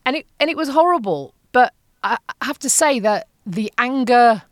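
A woman in her forties, telling her story as a podcast guest in a candid, animated, self-mocking way, with the odd swear word. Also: on the high side, normal speed, dry recording, studio quality. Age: 40s.

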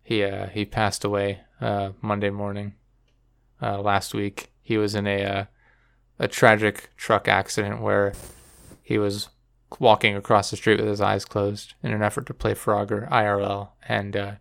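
A man hosting a casual podcast chat, rambling and telling dark jokes with a straight face. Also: lowish voice, moderate pace, creaky. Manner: rambling, deadpan dark joking. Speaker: podcast host and editor.

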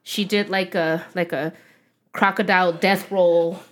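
A woman's voice: lowish voice, fairly even intonation, unhurried, fairly bright tone. A woman co-hosting a book podcast in casual chat, a giggly storyteller who throws in slang like y'all.

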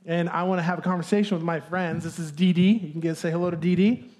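A man's voice: high-pitched, fairly even intonation, quick pace, a little mellow. A man preaching a sermon as pastor, talking in a casual, conversational way with fillers.

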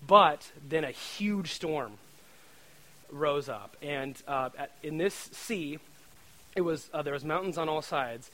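A man giving a casual sermon in a chatty, joking way, often asking "right?" and getting louder and higher when excited. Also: slow, rough recording. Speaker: preacher.

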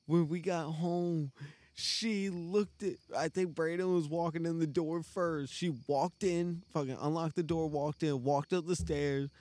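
A young man with a slightly higher voice tells a family story on a casual podcast. He swears freely, laughs through it and acts out everyone's lines. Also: fairly even intonation, a little slow, darkish tone, no room sound. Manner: profane, laughing storyteller acting out family quotes. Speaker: podcast co-host.

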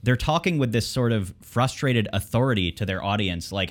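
Man, guest, low voice, sardonic, casual political chat. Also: lively intonation, normal speed, few pauses. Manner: sardonic, exasperated. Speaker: video editor guest.

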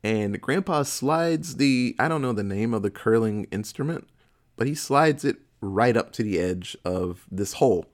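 A man's voice: lowish voice, animated, measured pace. A man in casual chat, retelling a movie plot in a profane, laughing storytelling manner.

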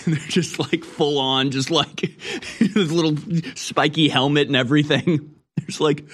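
A man's voice: fairly high pitch, fairly even intonation, measured pace. Sarcastic male talk radio host. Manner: sarcastic, mocking, trailing off mid-sentence. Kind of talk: opinionated commentary reading news.

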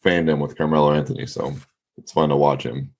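A man with a very low, deep voice talks sports with a co-host on a casual podcast. He rambles, leans on fillers, and perks up when he retells a moment from a game. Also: little pitch movement, fairly quick, darkish tone, muffled recording.

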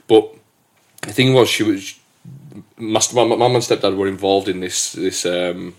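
A man hosting a podcast, telling his own story in a casual, halting way with many restarts. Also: fairly low pitch. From England. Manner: hesitant, many restarts and fillers. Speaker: podcast host.

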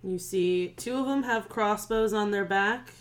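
A woman narrating as game master of a tabletop role-playing game, setting scenes briskly and calling for rolls. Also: mid-range voice. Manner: descriptive, brisk scene-setting with sudden shouted goblin lines.

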